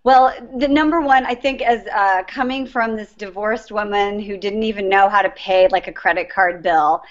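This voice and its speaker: A woman's voice: medium pitch, normal speed. A middle-aged woman guest in an interview, telling her story in an earnest, reflective way. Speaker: guest, life coach. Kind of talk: interview conversation. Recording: dull lo-fi sound.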